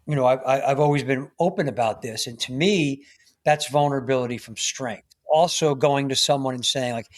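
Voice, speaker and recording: A brisk man with a mid-range voice appears as a guest on a podcast interview. He speaks as a men's coach, earnest and emphatic, and often checks in with "right?".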